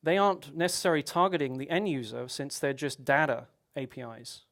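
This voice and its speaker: A man's voice: on the high side, steady tone, fairly quick, fairly bright tone. A man giving a technical conference talk, explaining at length with rhetorical questions and frequent restarts. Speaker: conference speaker.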